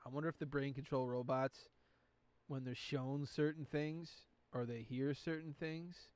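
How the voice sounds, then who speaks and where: A man talking loosely as a podcast host, his speech full of fillers and swearing. His voice sits at a middling pitch, and the talk drifts from thought to thought in an easygoing, unscripted way. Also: steady tone, a little slow, a little mellow, clean tone, no room sound. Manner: rambling, profane, heavy filler words. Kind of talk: casual chat.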